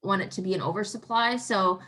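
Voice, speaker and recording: A woman working as a doula, chatting casually through a birth plan, upbeat and quick to laugh. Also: mid-range voice, a bit bright. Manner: upbeat, laughs easily, reads questions aloud. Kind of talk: casual birth-planning chat.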